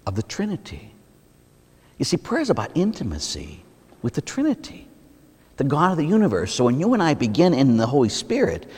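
Priest in the pulpit, middle-aged man, animated delivery, rhetorical questions, voice rings in a long church reverb. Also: mid-range voice, breathy edge. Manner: conversational preaching with rhetorical questions and acted-out examples. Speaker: Catholic priest. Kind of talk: sermon.

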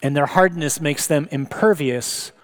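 A man's voice: a little high, measured pace. A man preaching a sermon, reading scripture and teaching in an earnest, reflective way.

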